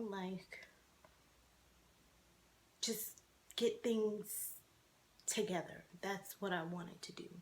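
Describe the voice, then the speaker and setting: A woman's voice: medium pitch, fairly bright tone. A woman in her twenties telling her own life story to the camera, speaking candidly with many fillers and restarts. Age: 20s.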